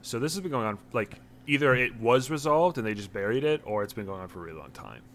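A man's voice: mid-range voice, sing-song, quick pace, slight background noise. A man in a casual esports chat, chiming in briefly and reading from an article.

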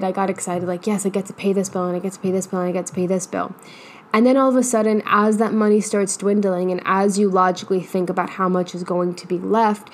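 A woman's voice: medium pitch, a little mellow. A woman hosting her own podcast as a business coach, talking candidly in a casual monologue, swearing often and laughing as she goes. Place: building in a big open area with trees and hills. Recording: faint background noise.

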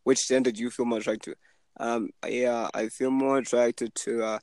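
Telling stories on his podcast, this young man chats casually and voices the people he quotes in a higher pitch. He speaks at normal speed in a level, darkish tone, recorded poorly but without echo.

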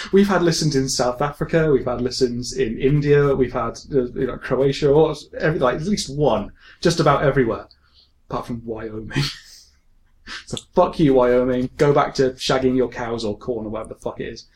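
A man's voice: mid-range voice, normal speed, a little mellow. An English man with a mixed, hard-to-place forces-kid accent chats on a podcast. He is loose and jokey, laughs a lot and swears freely. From England. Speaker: podcast host. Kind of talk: casual chat, reading listener mail.

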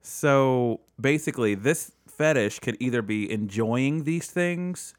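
A man's voice: medium pitch, takes it slowly, dry recording, studio quality. A man hosting a casual podcast, joking, laughing often and mimicking people. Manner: animated, jokey, laughs often, mimics voices. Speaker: podcast host.

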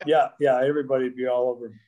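Rambling middle-aged man with a flat voice. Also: mid-range voice, rapid-fire, muffled recording. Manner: rambling, with many restarts and fillers. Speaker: guest, former pro hockey player. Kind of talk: casual interview.

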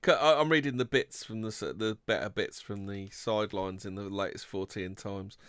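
A man co-hosting a casual show, reading quirky news bits aloud and tossing in dry remarks. His voice is bright and forward, recorded close and dry with no room sound. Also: on the low side, moderate pace, dry recording. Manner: reads odd news items aloud with dry asides. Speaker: co-host.

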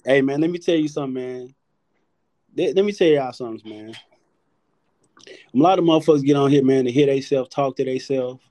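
A man hosting a casual live audio chat, joking loudly with lots of profanity and frequent laughter. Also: medium pitch, a little fast, long pauses. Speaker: show host.

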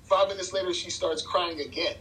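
A man's voice: high-pitched, fairly even intonation, fairly quick, bright, forceful tone, slight background noise, rough recording. A man, telling a dating story in casual chat, loose and rambling, laughing often. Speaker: podcast guest, dating coach.

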